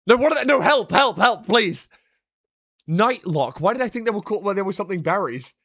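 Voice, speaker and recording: A young British man rambling on a live stream, swinging between deadpan sarcasm and excited outbursts. His voice sits high and sounds bright and forward, caught dry and close on the mic. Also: no room sound. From Britain. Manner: joking, sarcastic, quick swings in energy. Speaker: streamer and analyst. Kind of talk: casual live-stream chat.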